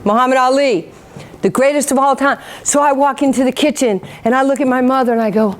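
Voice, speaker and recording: Animated woman telling her story from a stage. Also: high-pitched, fairly quick. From New York. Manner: animated, acts out quotes, self-mocking humor. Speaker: motivational speaker. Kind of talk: motivational storytelling speech.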